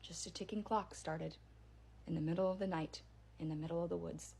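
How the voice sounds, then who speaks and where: Young woman, casual storyteller, gravelly edge, animated then hushed. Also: on the low side, fairly quick. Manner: animated, hushed for spooky parts.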